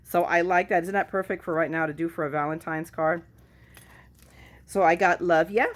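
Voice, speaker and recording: A woman's voice: fairly low pitch, steady tone, moderate pace. A woman chatting casually at home in a craft haul video, goofy and self-mocking as she shows her finds. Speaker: craft vlogger.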